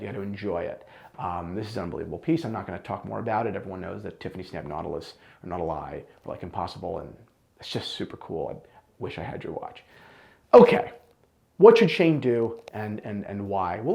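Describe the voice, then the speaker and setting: Male watch reviewer, gravelly tone, blunt and enthusiastic opinions. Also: mid-range voice, darkish tone. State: out of breath.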